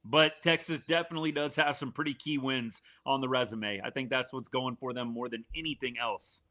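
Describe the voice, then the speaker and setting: A man hosts a live reaction stream of a college football game, his mid-range voice running a little fast. His commentary is animated and fan-partisan, casual, and full of restarts.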